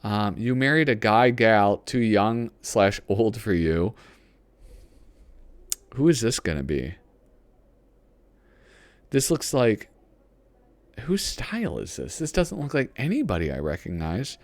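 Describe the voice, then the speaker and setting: Host, male, low and lively voice; loose, self-mocking magazine commentary, dry close sound. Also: slow, pauses often, dry recording. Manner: rambling and self-deprecating, reads lines aloud. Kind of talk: casual commentary while paging through a magazine.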